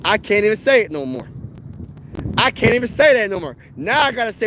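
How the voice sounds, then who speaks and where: A young man from Pennsylvania hosting a casual live sports talk stream, slangy and animated, answering viewer comments. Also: high voice, quick pace, slight background noise, low-quality recording. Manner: slangy, animated, rhetorical questions. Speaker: sports talk livestream host.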